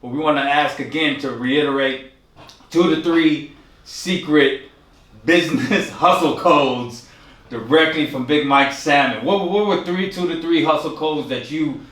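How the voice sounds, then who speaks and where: A man's voice: a little high, unhurried, fairly bright tone, roomy sound, recorded from a distance. A man hosting an interview, asking long rambling questions and summing up his guest's points. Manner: rambling, wraps up with summaries. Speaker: interview host.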